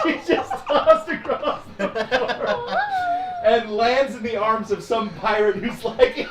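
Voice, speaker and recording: A man narrating a tabletop game as dungeon master, animated and often laughing. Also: very high voice, heavy background noise. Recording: echoey room with music.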